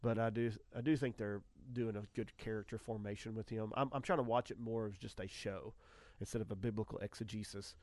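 Excitable man chatting on radio. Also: lowish voice, a little fast, no room sound. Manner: excitable, animated storyteller with restarts. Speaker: radio show host. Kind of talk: casual chat.

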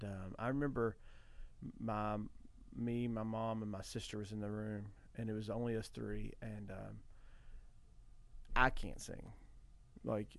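A man talking earnestly about worship, repeating phrases as he builds emphasis. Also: on the low side. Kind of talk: conversational preaching.

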